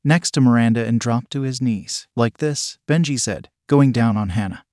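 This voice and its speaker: A man reading an erotic story aloud in a steady, unhurried voice. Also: mid-range voice, no room sound, studio quality. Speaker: narrator.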